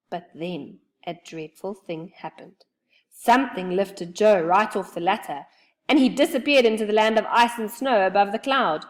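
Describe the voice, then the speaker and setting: A woman reading a children's storybook aloud with expressive, lively storytelling. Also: medium pitch, moderate pace.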